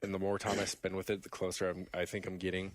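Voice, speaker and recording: Give me an animated man telling gaming stories on a podcast. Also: low-pitched, fast, no echo. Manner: animated, laughing storyteller who acts out game taunts. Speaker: podcast host. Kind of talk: casual gaming podcast chat.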